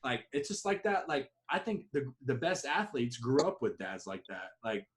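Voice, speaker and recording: A man co-hosting a casual sports talk show, telling rambling, profane stories with animated energy. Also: medium pitch, normal speed. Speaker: podcast co-host.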